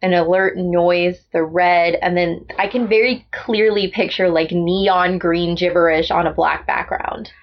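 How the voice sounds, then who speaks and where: A woman co-hosting a casual book discussion podcast, chatty and animated, quick to agree with her guest. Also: fairly low pitch. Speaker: podcast co-host. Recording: lo-fi dull audio.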